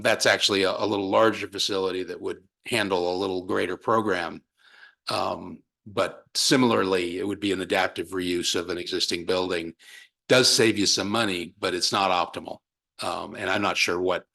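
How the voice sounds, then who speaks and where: A man walks a town commission through plans at a public meeting, pausing often and restarting his sentences. His voice sits low and carries a gravelly edge. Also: steady tone, sharp tone. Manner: hesitant, many fillers and restarts. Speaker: consultant presenting to a town commission.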